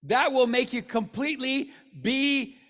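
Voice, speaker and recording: A man giving a motivational sales training talk to a room of people, joking, and swinging between low mutters and loud bursts. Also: steady tone, a little slow. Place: meeting room with an audience. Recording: long hall reverb.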